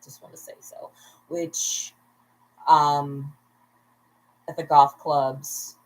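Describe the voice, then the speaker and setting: A tipsy woman hosts a casual livestream from home at bedtime, rambling, laughing often and making chatty asides to her viewers. Her voice is low-pitched with little pitch movement, and she draws out her words. The recording quality is low.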